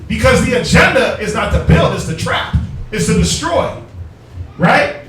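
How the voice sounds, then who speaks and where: A man preaching on the street in a high, forceful voice, almost shouting. He is echoey and far from the mic, with faint noise behind him. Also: lively intonation, normal speed, faint music behind. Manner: loud, forceful, calls for verses and mocks in put-on voices. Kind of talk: street sermon with scripture reading. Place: outdoors on a street.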